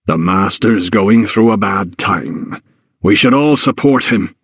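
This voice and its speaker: Narrator doing an Irish manservant, ex-army, low growl, quiet authority, dry close read. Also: male voice, expressive, slow pace, slightly rough, no room sound, exaggerated voice. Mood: stern. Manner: low, growling, sharp-tongued. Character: Irish male valet, ex-soldier, quietly stern.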